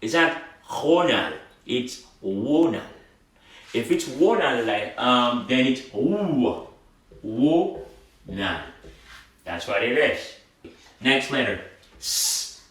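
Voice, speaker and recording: Slow, echoey male language teacher. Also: medium pitch, very animated, fairly bright tone. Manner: slow, drawn-out word repetition for practice. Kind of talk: slow language lesson with spelled-out words. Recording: very echoey room, somewhat far from the mic.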